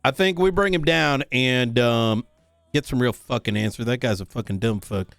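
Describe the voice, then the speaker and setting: A man's voice: mid-range voice, moderate pace, vocal fry, a bit bright, no echo, soft background music. A man playing a lawman in a role-play game, blunt, irritated and heavy on swearing. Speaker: roleplay player as a lawman. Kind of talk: in-character role-play chat.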